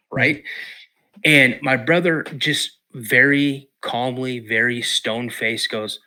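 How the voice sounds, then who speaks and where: Bright-toned man telling a lively story. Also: medium pitch, slow. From Washington State, USA. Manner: lively storyteller who acts out the voices of others. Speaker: podcast guest. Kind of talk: animated storytelling in a podcast interview.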